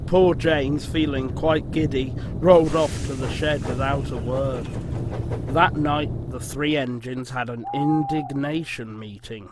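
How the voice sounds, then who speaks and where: A man reading a children's railway storybook aloud as narrator, in a measured storytelling manner. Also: medium pitch, steady tone, over music. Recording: noisy background hiss.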